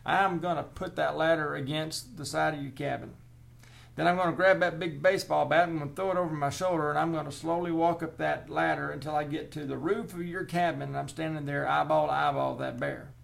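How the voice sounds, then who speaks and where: A man voicing a boastful country bear-removal man who talks in loud, emphatic salesman patter. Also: fairly high pitch, steady tone, fairly quick, gravelly, voice pushed up.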